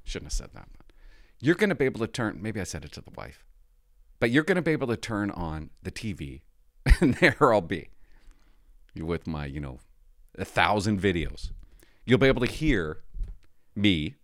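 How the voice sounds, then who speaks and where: A man rambles through a casual podcast monologue in a low voice that rises and falls a great deal. He pokes fun at himself as he goes. The sound is dry and close, with no room around it. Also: very animated, moderate pace, long pauses, a bit bright, dry recording. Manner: rambling, self-deprecating. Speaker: podcast host.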